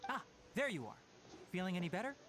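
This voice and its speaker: A man voicing a calm young male forest ranger who mentors his apprentice, gently stern and caring. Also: high-pitched, fast, slight background noise, exaggerated voice. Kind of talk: video game dialogue.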